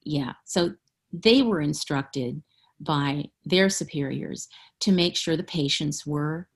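A husky, lower-voiced middle-aged woman talks as an interview guest. She is frank and candid, often breaking into a laugh as she tells her story. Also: slow. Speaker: author guest. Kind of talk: interview conversation.

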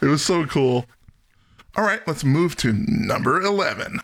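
A man hosting a casual film-review podcast, animated, laughing often and acting out scenes. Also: on the high side, measured pace. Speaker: podcast host.

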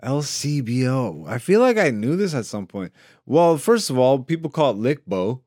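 A man hosting a casual comedy podcast, joking and quick to laugh. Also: mid-range voice, very animated, darkish tone, no echo, studio quality. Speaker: podcast host. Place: studio.

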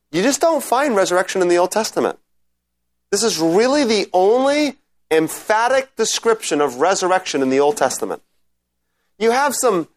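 A man teaching a Bible class in a conversational lecture style, reading scripture aloud and checking in with his listeners. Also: on the high side. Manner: reads scripture aloud, then explains. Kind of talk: informal lecture with Q&A.

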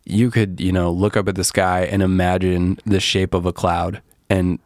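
A man's voice: deep voice, level tone, moderate pace, a little mellow, dry recording, clean studio sound. A man co-hosting a casual podcast chat, joking around and slipping into silly voices and mock ads. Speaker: podcast co-host.

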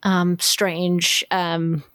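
A woman's voice: lowish voice, level tone, extremely slow, fairly bright tone, clear, resonant tone, no room sound, clean studio sound. A woman co-hosting a casual chat, animatedly retelling a story and quoting characters, swearing casually. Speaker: podcast co-host. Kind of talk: casual chat about fan fiction.

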